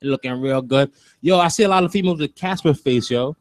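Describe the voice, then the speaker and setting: A man's voice: mid-range voice, fairly quick, no room sound. A man hosting a radio show, bantering in a laid-back, slangy way with a New York accent. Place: radio studio.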